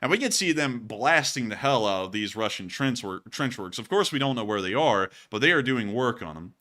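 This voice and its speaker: A man hosting casual commentary on war footage, joking and excitable and quick to laugh. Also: medium pitch. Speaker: host.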